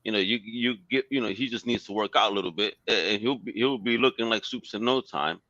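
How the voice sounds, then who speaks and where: A man's voice: lowish voice, fairly quick, pushed and bright, no echo, dull audio. A man co-hosting a casual live talk show, blunt and opinionated, swearing heavily.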